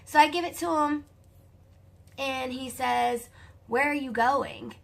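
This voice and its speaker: Bright, gravelly Southern-toned young woman. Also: high-pitched, slow pace. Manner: animated, chatty, addresses viewers as you guys. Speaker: vlogger telling a personal story. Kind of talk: casual storytelling to camera.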